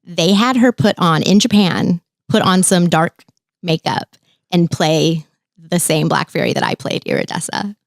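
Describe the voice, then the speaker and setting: A young woman chatting casually as an interview guest, easygoing and quick to laugh. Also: lowish voice, very animated, creaky, no room sound, clean studio sound. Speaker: guest, former theme-park character performer.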